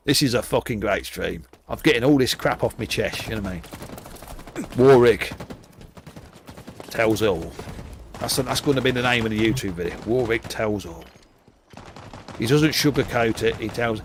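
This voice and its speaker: A man's voice: lowish voice, animated, normal speed, long pauses, slight background noise. An older man livestreaming a game, chatting to viewers in a rambling, profane, jokey way. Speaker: game streamer. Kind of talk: live gameplay commentary. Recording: game gunfire in the background.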